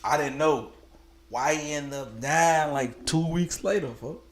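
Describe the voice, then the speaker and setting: A man's voice: on the high side, a little slow. A young man streaming, telling a story to his viewers in casual street slang and laughing often. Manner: animated, laughs a lot, slangy street talk.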